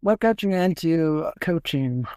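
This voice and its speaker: A man's voice: on the high side, animated, measured pace, darkish tone, clean tone, no echo. A young man hosting a podcast in casual chat, rambling with lots of fillers and restarts. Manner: rambling, many fillers and self-corrections. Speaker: podcast host.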